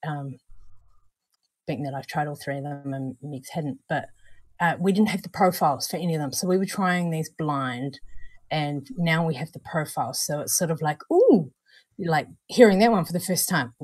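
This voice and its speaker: Chatty NZ woman host, lowish voice, dry close sound, bubbly and familiar with viewers. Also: normal speed, a little mellow, no room sound. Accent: New Zealand. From New Zealand. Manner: chatty, bubbly, calls viewers darling and honey. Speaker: vape show co-host. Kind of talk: casual livestream chat.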